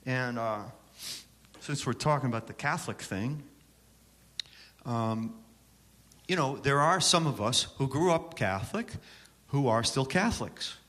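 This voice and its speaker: This Syracuse, New York presenter banters and jokes with a live conference audience during a songwriting workshop, and the hall gives a long reverb. His mid-range voice is expressive, bright and forceful, measured in pace with long pauses.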